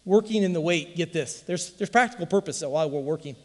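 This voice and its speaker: A man's voice: fairly high pitch, fairly quick, in a large hall. A man preaching a sermon in an emphatic, folksy way, full of rhetorical questions. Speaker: pastor.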